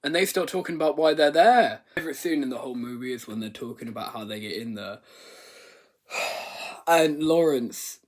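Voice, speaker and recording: A man's voice: mid-range voice, moderate pace. A man giving a rambling, comedic movie review rant, swearing and exaggerating. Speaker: video reviewer.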